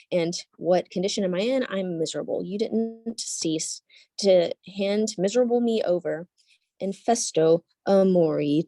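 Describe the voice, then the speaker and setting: Young woman Latin teacher, casual classroom talk, slow unhurried delivery, dry sound. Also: medium pitch, mellow, no room sound. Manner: thinks aloud with frequent ums and self-corrections. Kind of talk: casual classroom lesson, translating line by line.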